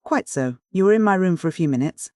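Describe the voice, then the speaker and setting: A reader doing a contemptuous young English gentleman. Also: mid-range voice, lively intonation, fast, no echo, studio quality, pitched above the performer's own voice, natural voice. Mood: cold contempt. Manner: prompt, contemptuous.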